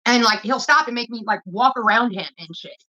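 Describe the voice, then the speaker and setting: Fast-talking, profane woman ranting. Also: on the high side, pushed and bright. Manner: profane, blunt, rambling storytelling. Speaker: vlogger. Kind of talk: casual rant to camera. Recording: dull lo-fi phone audio.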